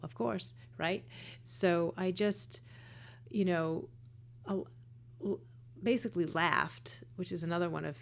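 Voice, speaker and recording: A woman telling a personal story in a casual, earnest way, sometimes dropping to a breathy whisper. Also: sits low, darkish tone. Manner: emotional, earnest, drops to a breathy whisper at times. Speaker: storyteller sharing a personal experience.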